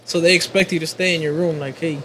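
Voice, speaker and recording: A man, an army veteran, speaking in a relaxed, profane way in a casual chat. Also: fairly high pitch, fast, slight background noise, poor audio. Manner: laid-back, profane, reacts with short exclamations.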